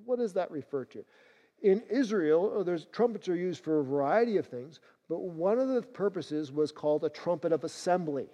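A man's voice: a little high, lively intonation, normal speed. Emphatic preacher man in a reverberant hall. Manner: emphatic, rising to loud bursts on key phrases. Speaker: pastor. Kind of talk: sermon. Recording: dull sound with long hall reverb.

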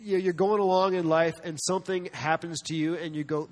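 Guy pastor preaching, animated, does little voices for people, voice a bit high, big church reverb. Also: brisk. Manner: animated, acts out quoted voices. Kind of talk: sermon. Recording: long reverb of a large hall.

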